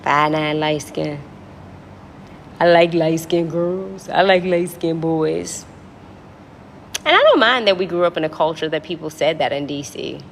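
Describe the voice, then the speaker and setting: Gravelly-voiced woman from D.C., chatting. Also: sits low, a little hiss or hum. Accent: Washington, D.C. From Washington, D.C. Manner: rambling, reminiscing, joking asides to viewers. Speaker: livestream host. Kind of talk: casual chat with viewers. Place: apartment lobby.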